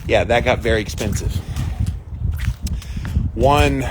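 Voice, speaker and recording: A man of middle pitch hosting a livestream, retelling a story in a chatty, animated way. A steady wash of traffic noise runs under his voice. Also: takes it slowly. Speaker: host.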